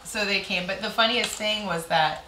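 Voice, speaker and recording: Chatting casually in a kitchen, a young adult stand-up comic spins animated stories and swears without holding back. She speaks at a moderate pace with a medium-pitched voice, while the roomy space picks up background noise and clattering dishes.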